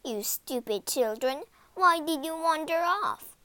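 A woman's voice: high voice, lively intonation, a little slow, pushed and bright, pitched above the performer's own voice, heavily acted. A woman voicing a harsh, bossy stepmother in a read-aloud storybook, snapping her lines.

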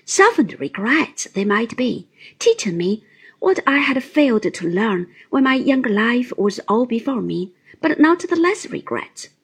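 A woman narrating a classic novel in the first person in a slow, hushed, whispery reading. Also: on the high side, sing-song, husky.

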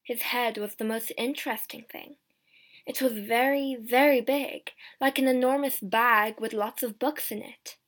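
A woman reads a simplified novel aloud with slow, careful, clear pacing. Her voice sits fairly high. It is scripted audiobook narration. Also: steady tone, fairly bright tone. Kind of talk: scripted narration of a graded reader.

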